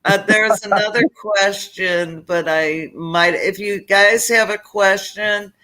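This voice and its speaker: A woman's voice: mid-range voice, slow, bright, forceful tone. A woman hosting a casual livestream chat, chatty and reading out viewer comments. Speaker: host.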